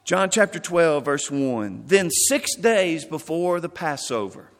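A man preaching a sermon, expressive, acting out the quoted lines of the people in the passage. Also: on the high side, slow pace. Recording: long hall reverb.

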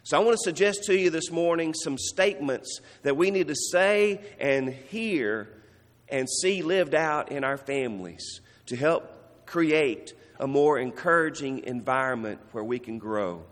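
Man, pastor, sermon, earnest, soft slowed emphasis, long reverb. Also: a little high, expressive. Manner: earnest, warm preaching with soft, slowed emphasis on key phrases.

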